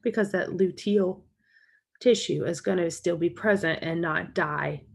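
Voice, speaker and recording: A woman's voice: on the low side, measured pace, gravelly, husky. Woman giving a recorded college lecture. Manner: explanatory, steady, recapping key points. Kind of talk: recorded lecture walking through slides.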